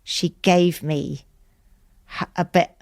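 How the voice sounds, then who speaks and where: A woman, a podcast guest telling an emotional personal story in an earnest, tender way that sometimes drops to a soft whisper. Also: lowish voice, fairly even intonation, takes it slowly, vocal fry, no room sound, clean studio sound.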